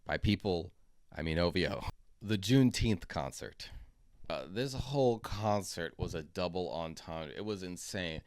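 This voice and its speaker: A man's voice: low-pitched, no echo, studio quality. A man hosting a commentary video, talking bluntly and sarcastically. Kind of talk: opinionated commentary.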